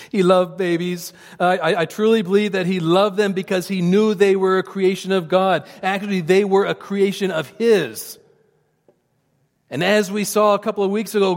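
A man preaching a sermon as pastor, earnest and animated, often repeating words as he explains. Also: high voice, long reverb tail.

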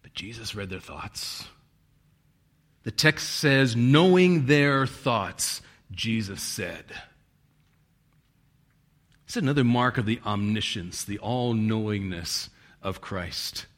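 A man's voice: lowish voice, lively intonation, slow, long pauses, a bit bright. A male pastor preaching a sermon, reading scripture with strong emphasis and chuckling now and then.

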